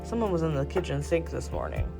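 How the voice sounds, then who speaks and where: Woman cooing at her cats, lively pitch. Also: fast talker, gravelly, over loud music. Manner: coos and baby-talks at her cats. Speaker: vlogger. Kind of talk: casual chat. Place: home, indoors.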